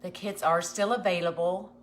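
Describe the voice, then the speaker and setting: A woman's voice: lowish voice, steady tone, moderate pace, a little hiss or hum. A woman hosting a casual craft livestream, greeting viewers and chatting with many ums and restarts. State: nervous.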